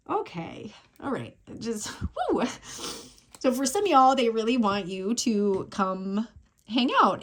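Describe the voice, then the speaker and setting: Emotional woman reading tarot cards. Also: medium pitch. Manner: emotional, many fillers and restarts, exclamations. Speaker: tarot reader.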